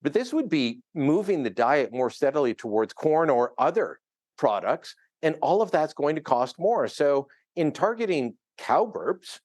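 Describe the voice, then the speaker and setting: Lively opinionated man. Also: medium pitch, dry recording. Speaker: political columnist guest. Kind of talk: news interview commentary. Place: remote studio in another city.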